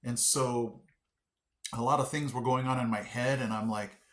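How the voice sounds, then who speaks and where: A man chatting casually to his viewers in a vlog, animated and talking straight to them. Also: medium pitch, normal speed. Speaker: vlogger. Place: Tennessee. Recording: echoey room.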